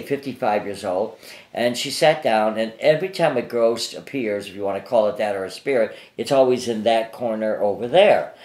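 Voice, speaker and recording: Interviewed in his apartment, an older man who appears as a psychic guest tells anecdotes in a rambling, casual way, full of fillers and restarts. His voice is fairly low with a darkish tone, and the sound is roomy.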